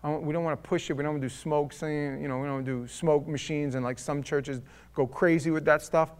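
Male pastor, somewhat high voice, chatty sermon delivery with dry humor, shifts from loud to hushed. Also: fairly even intonation, fairly quick, clear, resonant tone. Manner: conversational, wry and humorous, swinging between loud and hushed.

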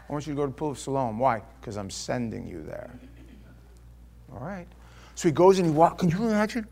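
An older male pastor preaching a sermon, telling stories with rhetorical questions and swinging from loud bursts to hushed, quiet passages. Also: fairly high pitch, lively intonation, a little fast, pauses often.

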